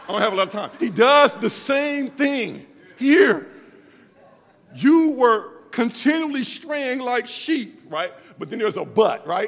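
A man preaching a sermon with passion, moving between loud cries and hushed, quiet stretches. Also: very high voice, expressive, normal speed, husky, a faint crowd. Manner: impassioned, swings from loud cries to hushed tones. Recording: long hall reverb.

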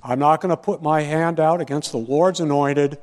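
A man's voice: on the high side, normal speed, darkish tone, long reverb tail, lightly acted. A man quoting a firm young warrior. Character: steadfast young male warrior refusing to strike.

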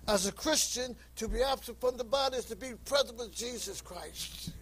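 A man's voice: normal speed, breathy edge, rough recording. A man preaching a sermon with passion, reading scripture aloud and calling out to sinners. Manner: impassioned, rising to high shouts; reads scripture aloud in King James wording.

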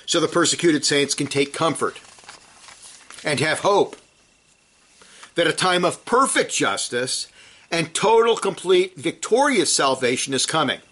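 Emphatic preacher with a slightly high voice. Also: male voice, expressive, a little slow, pauses often. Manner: emphatic, rising to forceful peaks then dropping low and quiet. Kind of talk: sermon teaching from scripture.

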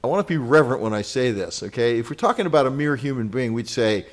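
A man preaching a sermon in an earnest, conversational way, moving between loud exclamations and hushed storytelling with casual asides. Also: mid-range voice, expressive, fast talker, few pauses. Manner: conversational asides with fillers and chuckles.

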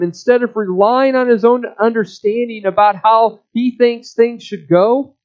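A man preaching a sermon, explaining a passage verse by verse in a slow, measured way. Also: very high-pitched, a little mellow, lo-fi sound. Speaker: pastor.

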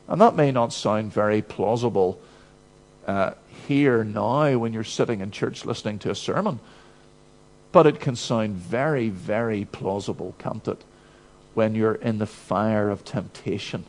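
A man's voice: on the low side, a little slow, darkish tone. A male preacher giving an expository sermon, emphatic and full of rhetorical questions.

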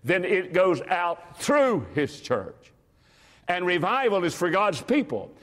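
A man preaching in a church hall with a long, lingering reverb. His fairly high voice leaps and falls widely, dropping to hushed low phrases and then rising to ringing cries. He stretches out his key words slowly. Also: sing-song. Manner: slow, drawn-out emphasis on key words. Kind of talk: revival sermon.

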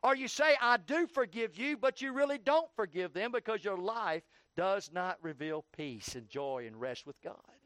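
A man pastor preaching a sermon in a church, building to heated rapid questioning and then easing down. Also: sits high, lively intonation, fairly bright tone, no echo.

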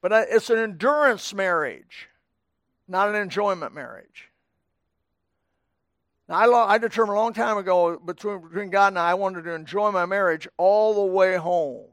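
High-voiced man preaching in folksy style. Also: moderate pace, fairly bright tone, no echo, clean studio sound. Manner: folksy, conversational preaching with asides to the congregation. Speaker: pastor. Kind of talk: sermon. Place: church sanctuary.

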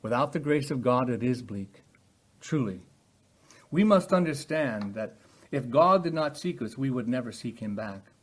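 An older man delivers Bible teaching in a sermon style. His voice is husky, and his delivery is earnest, shifting between calm explanation and loud, pressing emphasis. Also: medium pitch, normal speed.

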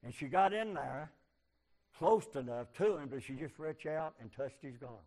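A man preaches a sermon in plain, folksy speech. His voice sits a touch high, and he swings from loud, fervent cries to low, quiet stretches. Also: animated, moderate pace. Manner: fervent, rising to loud shouts and dropping low.

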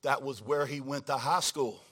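A man preaching a storytelling sermon to a church congregation, folksy and animated, going from hushed quoted asides to loud exclamations. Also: medium pitch, normal speed.

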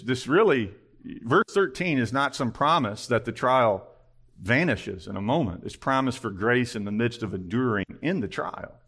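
A man's voice: medium pitch, a bit bright. A male pastor preaching an earnest sermon, full of pointed rhetorical questions.

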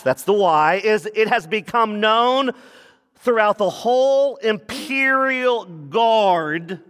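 A male pastor delivers a lively sermon, jumping into quick mock voices and joking asides. His voice sits rather high for a man. The sound carries a long reverb, like a big hall.

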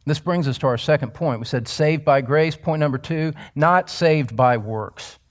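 A middle-aged man preaching a sermon as pastor, emphatic, swinging from loud exclamations to hushed near-whispers. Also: fairly high pitch, normal speed.

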